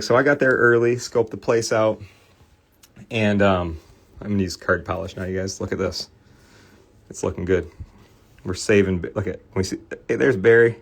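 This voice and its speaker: A man's voice: lowish voice, a bit bright. A middle-aged man hosting a casual card-cleaning livestream, rambling through a funny story and talking to his viewers. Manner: rambling storyteller, laughs often, chatty with viewers.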